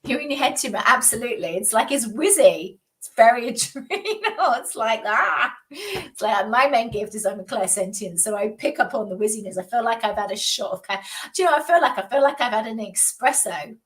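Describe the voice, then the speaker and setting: A woman's voice: on the high side, fairly quick, far from the mic. Chatty woman on a live stream. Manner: chatty, rambling, animated, with frequent laughs and rants. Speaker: psychic doing live readings. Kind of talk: casual live-stream reading and chat. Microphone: video call.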